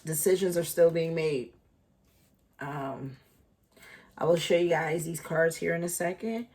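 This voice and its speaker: Slow, chatty woman reading tarot. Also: deep voice, a little mellow, breathy edge. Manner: chatty, thinking aloud, many fillers. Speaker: tarot reader. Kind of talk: casual tarot reading vlog.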